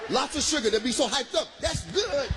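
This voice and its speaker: Male stand-up comic from Michigan, very high voice, shouts the punchlines, noisy live room. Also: lively intonation, brisk, a crowd in the background. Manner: loud, shouting punchlines, laughing through bits. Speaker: stand-up comedian. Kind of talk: stand-up comedy.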